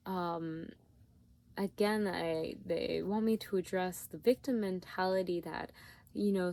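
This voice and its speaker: Gentle, searching woman reading tarot. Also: mid-range voice. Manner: gentle, repetitive, searching phrasing with many fillers. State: yawning, tired. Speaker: tarot reader.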